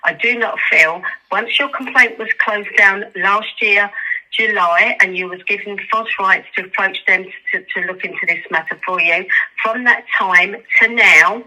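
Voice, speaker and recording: A woman handling a complaint on a customer service call, measured and scripted. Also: mid-range voice, bright, forceful tone. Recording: tinny phone line.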